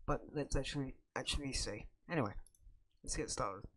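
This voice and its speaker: A woman hosting a gaming video, giving casual commentary while she plays, excitable and blurting out reactions. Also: rumbling low, moderate pace, slight background noise. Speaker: gaming channel host.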